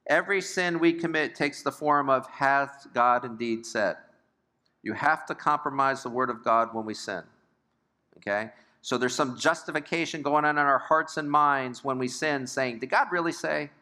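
Older man teaching Bible study, bright. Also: medium pitch, normal speed. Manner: conversational, asks the class questions, joking asides.

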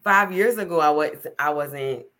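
A woman's voice: sits low, a little slow, a bit bright. A woman hosting a podcast, talking casually and emphatically in a motivational, chatty way. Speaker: podcast host.

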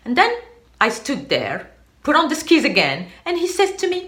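A woman hosting a motivational podcast, telling a personal story in an animated, dramatic way. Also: high voice, moderate pace. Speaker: podcast host.

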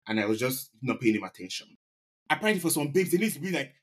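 A man co-hosting a casual podcast. He talks in an easygoing way and explains his side at length. He turns sheepish when his friend teases him. His voice is mid-pitched with a husky grain. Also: lively intonation, quick pace, a bit bright. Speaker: podcast co-host. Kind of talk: casual chat.

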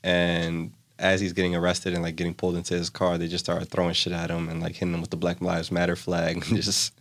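A man's voice: low voice, completely flat delivery, fast talker. A young man casually retelling a story in a loose, rambling way, full of filler words. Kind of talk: casual chat.

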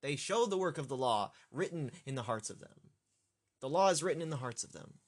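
A man working through a scripture passage aloud as a teacher, thinking out loud, halting and correcting himself. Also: on the high side, animated. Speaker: Bible study teacher.

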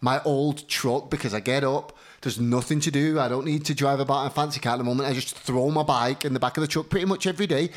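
A man telling stories in casual chat as a podcast co-host, swearing and acting out the people in them. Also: mid-range voice. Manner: animated storytelling, swearing, acting out voices.

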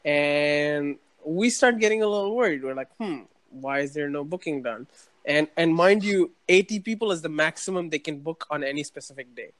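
A young man in casual chat, telling an animated story about his university days and acting out the quotes. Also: a little high, normal speed, dry recording.

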